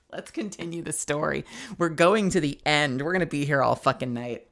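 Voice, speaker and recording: A woman's voice: sits low, creaky. A woman streaming a courtroom game, frustrated and swearing as she talks through it. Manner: frustrated, profane, animated. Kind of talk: live game stream commentary.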